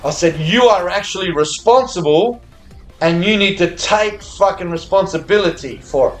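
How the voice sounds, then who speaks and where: An Australian man streaming slot games, swearing constantly and cheering loudly at the screen in casual live commentary. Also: on the high side, normal speed, faint music behind. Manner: profane, excitable, cheers at the screen. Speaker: slots streamer.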